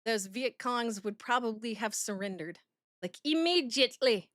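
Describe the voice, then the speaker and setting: Woman streamer, casual chat, bright voice, lively pitch, dry close sound, giggly. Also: moderate pace, dry recording. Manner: chatty, giggly, reads out chat messages. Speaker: streamer reacting to a video.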